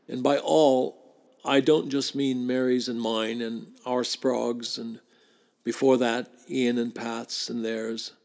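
A man hosting a podcast, giving a spoken tribute and reading letters aloud in a measured way with emphatic repetitions. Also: mid-range voice, vocal fry, a little mellow. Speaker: podcast host.

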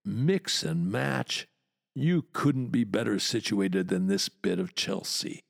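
A man's voice: on the low side, animated, slow, vocal fry, dry recording, studio quality. A man hosting a history podcast, narrating in a wry, chatty storyteller's manner with playful asides. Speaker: podcast host and walking tour guide.

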